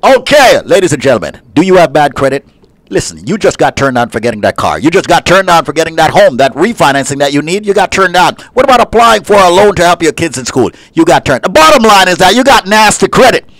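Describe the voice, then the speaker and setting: A man with a high, lively voice, swooping up and down as he banters and hammers out a hard-sell pitch. His voice sounds close and dry, with no room around it. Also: quick pace, dry recording, rough recording. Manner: punchy salesman pitch, teasing banter. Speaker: radio show co-host. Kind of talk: casual radio talk show chat with pitch reads.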